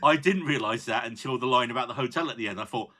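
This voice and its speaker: A man's voice: medium pitch, fast. A man hosting a podcast in casual chat, joking with his co-hosts. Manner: animated, jokey. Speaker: podcast host.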